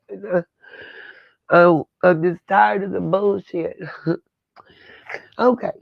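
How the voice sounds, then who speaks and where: A woman hosts a livestream from home, ranting bluntly and profanely in a rambling way. Her voice is on the low side with vocal fry, slow and marked by long pauses, and the recording is dry with phone-quality sound in this casual livestream talk.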